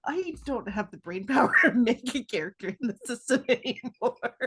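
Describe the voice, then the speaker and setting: A woman in her forties talks as an interview guest, chatty and quick to laugh at herself. Her voice sits a little high for a woman. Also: expressive, a bit bright, breathy edge. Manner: chatty and self-deprecating, laughing often. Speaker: guest game designer. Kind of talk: casual interview chat.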